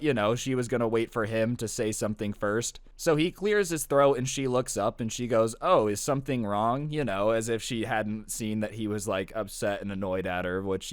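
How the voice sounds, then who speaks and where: A man narrating a storytime video in a casual, animated way, full of slangy asides. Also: mid-range voice, clean tone, no room sound. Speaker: storytime YouTuber.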